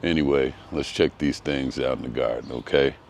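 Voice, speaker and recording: A man's voice: a bass voice, moderate pace, darkish tone, a little hiss or hum. A man giving a casual vlog walk-through of his home garden outdoors, talking in a hesitant, rambling way with frequent ums. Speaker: gardening vlogger.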